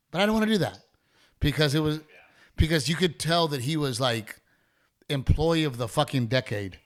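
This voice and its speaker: A man's voice: medium pitch, brisk. Rambling, profane male podcast host. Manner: profane, rambling, animated storyteller with many restarts. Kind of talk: casual storytelling chat.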